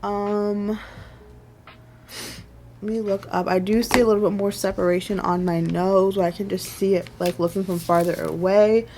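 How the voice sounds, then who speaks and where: A woman's voice: mid-range voice, steady tone, moderate pace, background noise. Chatty young woman, rambling vlog talk. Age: 20s. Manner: chatty and rambling, many "like"s and soft laughs. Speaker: beauty vlogger. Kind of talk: casual makeup wear-test chat.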